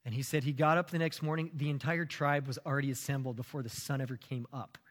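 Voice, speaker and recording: A man preaching a sermon as a pastor, telling a story with animated, rising emphasis. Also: mid-range voice, fast talker, long reverb tail.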